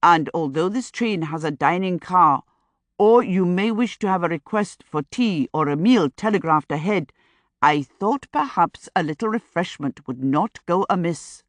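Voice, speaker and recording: A woman's voice: lowish voice, animated, unhurried, no room sound. A fussing, bowing railway agent, all formal courtesy and anxious apology, as a woman reader puts him on. His speech is effusive and overly polite in an audiobook reading. The sound is close and dry. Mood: solicitous. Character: fretful, obsequious male railway agent.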